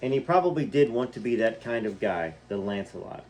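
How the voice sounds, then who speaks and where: A man's voice: lowish voice, animated, brisk, a little mellow, a little hiss or hum. A man reading a book aloud and stopping to comment, talking straight to his listeners and asking them questions. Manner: conversational, poses questions to listeners.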